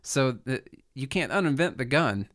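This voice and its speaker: A man of middling pitch explains his views in a loose podcast conversation. He leans on fillers like "um" and "like". He picks up speed when he retells an example. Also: animated, normal speed, fairly bright tone. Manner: explanatory, filler-heavy, speeds up telling stories. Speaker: podcast co-host. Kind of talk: casual political podcast chat.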